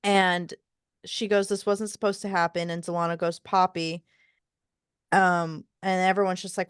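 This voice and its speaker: Animated woman retelling a book plot. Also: on the low side, moderate pace, clean tone, no echo, clean studio sound. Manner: animated retelling, sarcastic asides, swears. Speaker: podcast co-host. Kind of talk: casual book discussion.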